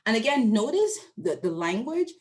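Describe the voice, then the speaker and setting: A woman's voice: on the high side, very animated, normal speed, darkish tone. A woman researcher gives an academic presentation to an online audience. She speaks conversationally, poses questions to her listeners and often checks in with them. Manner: acts out her interviewees' voices when quoting them. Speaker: university researcher presenting findings.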